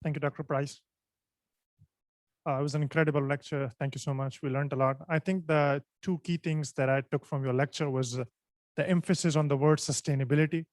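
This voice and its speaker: A man's voice: a little high, steady tone, no room sound. Polite man asking a hesitant question. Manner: polite, hesitant, many "uh" pauses. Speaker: audience member asking questions. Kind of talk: formal question after a lecture.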